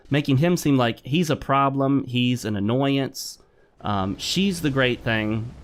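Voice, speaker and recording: A middle-aged man giving blunt, opinionated commentary while playing a game, lecturing and repeating himself. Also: medium pitch. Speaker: gaming commentator. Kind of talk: opinionated commentary over gameplay.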